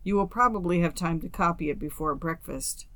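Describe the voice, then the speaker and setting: Calm polite young man, low and dry, as a woman reader puts him on. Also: a little fast, dry recording. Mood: cool, polite. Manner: quiet, cool and courteous.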